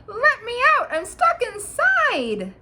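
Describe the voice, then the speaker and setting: Shrill tiny boy hero, voiced by a woman. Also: wildly swooping pitch, takes it slowly, very noisy, full character voice. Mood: shrieking.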